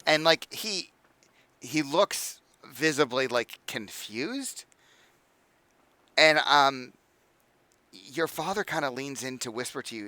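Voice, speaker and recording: A man's voice: medium pitch, lively intonation, unhurried, pushed and bright, clear, resonant tone. A man narrating a tabletop game as game master in a casual, filler-heavy way. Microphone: home microphone, online stream.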